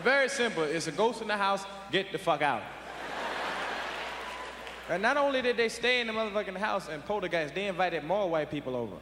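Young male comedian, profane and animated; arena mic with loud crowd. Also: high-pitched, a little fast, pauses often, roomy sound, big-room sound, background noise. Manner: profane, animated, jumps into impressions and voices. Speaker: stand-up comedian. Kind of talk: stand-up comedy. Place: large arena stage before a live audience.

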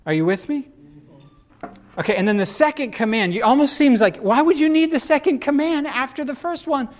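A middle-aged man preaching in an animated, conversational way and often turning to his listeners with asides. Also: very high-pitched, a little fast. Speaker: pastor. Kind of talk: sermon.

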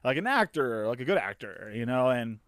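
A young man hosts a casual gaming podcast in a smooth, resonant voice. He talks loosely, with plenty of fillers and quick agreeing asides. The recording is dry. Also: medium pitch, very animated, fairly bright tone, no room sound. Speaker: podcast host. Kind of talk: casual chat.

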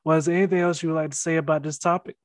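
A man's voice: a little high, steady tone, rapid-fire. A man from South Carolina, a comedian hosting a podcast, chatting casually and cracking jokes. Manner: joking, easygoing. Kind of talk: casual chat.

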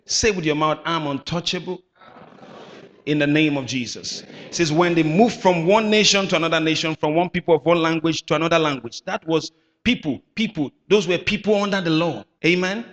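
A man preaching a sermon with emphatic bursts, shouting at times and calling on the congregation to answer back. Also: a little high, brisk. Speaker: pastor. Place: church hall. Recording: echoey hall.

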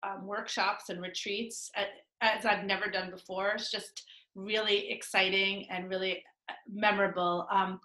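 A woman's voice: medium pitch, little pitch movement, unhurried, pushed and bright, echoey room, low-quality recording. A middle-aged woman with a nasal voice, a divorce lawyer and coach answering interview questions in a chatty, upbeat way, laughing often and using many fillers.

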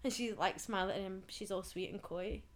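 A woman's voice: mid-range voice, fairly even intonation, a little fast, crowd noise. Giggly young woman telling stories. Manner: giggly, storytelling, acts out quotes. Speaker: podcast co-host. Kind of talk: casual chat.

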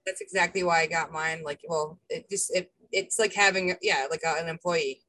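A woman's voice: fairly low pitch, steady tone, normal speed, bright, forceful tone. A young woman from Massachusetts with a Boston accent, chatting casually about her woodworking and laughing often. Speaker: woodworking artist. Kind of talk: casual video call chat.

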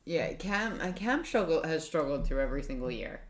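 A woman in her thirties with a low voice tells a long, rambling story in casual podcast chat. She leans on "like" between her phrases. The room behind her is echoey. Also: lively intonation, fairly quick. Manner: chatty storyteller, many "like" fillers. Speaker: podcast co-host.

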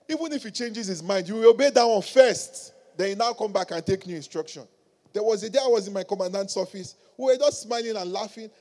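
A man preaching a sermon, acting out quotes and rising to loud exclamations. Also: high-pitched. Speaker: pastor.

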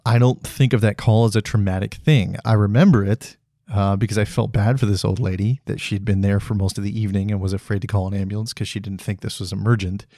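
A man in his thirties talks alone into the mic in a low, soft-edged voice with a mellow tone. He sounds blunt and frustrated, swearing often and stopping to restart his sentences. The sound is dry and close, with no room around it. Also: steady tone, quick pace, dry recording. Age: 30s. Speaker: podcast host. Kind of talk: solo podcast monologue.

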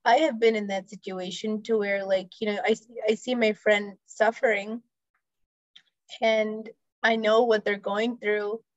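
A woman co-hosting a podcast in casual chat, relaxed and blunt, swearing casually. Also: mid-range voice, unhurried, no echo. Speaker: podcast co-host. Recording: dull lo-fi dry sound.

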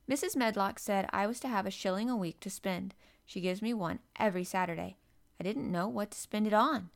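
A woman's voice: mid-range voice, brisk, creaky, lightly acted. A woman voicing a lonely, earnest little girl who speaks in a wondering way.

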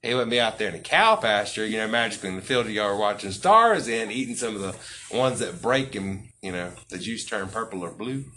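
A man's voice: on the low side, lively intonation, a little fast, pushed and bright, a little hiss or hum. A man hosting a podcast interview, joking, rambling and swearing freely. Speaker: podcast host. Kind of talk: casual interview chat.

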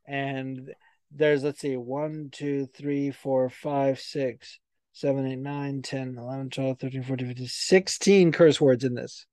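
A young man hosts a podcast in a mid-range voice, talking a little slowly in a dry recording. He chats casually and tells animated stories laced with lots of profanity.

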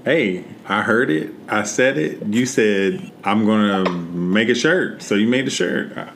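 A man's voice: on the low side, unhurried, creaky, fairly bright tone, a little hiss or hum. A man with a Midwestern US accent, co-hosting a podcast in casual chat, laid-back and teasing. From Ohio, US. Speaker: podcast co-host.

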